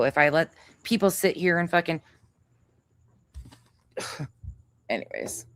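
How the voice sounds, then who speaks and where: A woman's voice: deep voice, animated, takes it slowly, pauses often, no room sound. Woman streamer going off in a heated rant, swearing a lot, dry close sound, not much room. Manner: angry, profane, confrontational; reads chat names aloud. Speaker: livestream host.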